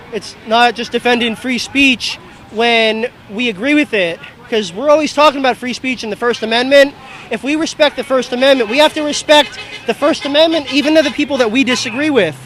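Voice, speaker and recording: A man's voice: very high-pitched, fairly bright tone, a little hiss or hum, poor audio. A man at an outdoor political rally, talking in a rambling, easily distracted way to an interviewer's camera. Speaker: rally attendee.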